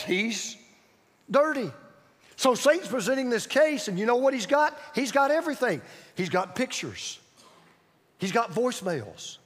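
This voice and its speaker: Male pastor, high and animated, emphatic sermon delivery, reverberant church. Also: measured pace, breathy edge. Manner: emphatic, repeats key phrases, swings from loud to hushed. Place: church sanctuary.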